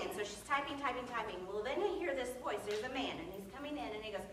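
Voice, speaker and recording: A woman in her forties telling a humorous story at a church event, animated and laughing through it. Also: fairly high pitch, a little fast, distant mic, a crowd in the background, background noise. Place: church hall with an audience. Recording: echoey hall from afar, audience laughter.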